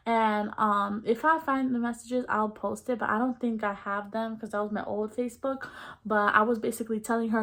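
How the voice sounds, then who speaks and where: A woman's voice: on the high side, normal speed. A young adult woman vlogger telling a personal story in a candid, casual, slangy way, acting out the dialogue as she goes. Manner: candid, expressive, slangy retelling; acts out quoted dialogue in her story.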